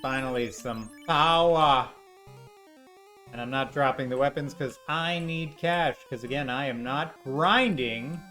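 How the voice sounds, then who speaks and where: A man's voice: mid-range voice, measured pace, bright, forceful tone. A man giving sarcastic, rambling commentary while playing an old role-playing video game. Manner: sarcastic, rambling jokey asides. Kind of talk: gameplay commentary. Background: faint game music.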